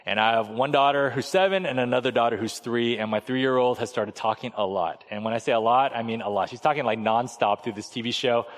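A man in his thirties preaching a sermon in a relaxed, conversational storytelling way, acting out voices as he goes. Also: medium pitch, a little fast, few pauses. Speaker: pastor. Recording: long hall reverb.

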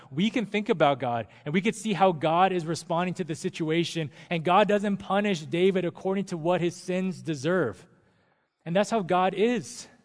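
A man preaching a sermon as a pastor, telling stories in a relaxed, conversational way. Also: a little high. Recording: long reverb of a church hall.

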